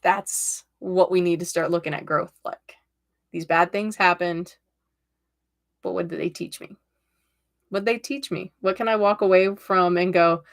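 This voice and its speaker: Chatty, upbeat woman with a gravelly edge. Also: lowish voice, a little slow. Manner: upbeat, chatty, storytelling with many "right?" tags. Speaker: tarot reader and livestream host. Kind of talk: casual livestream chat.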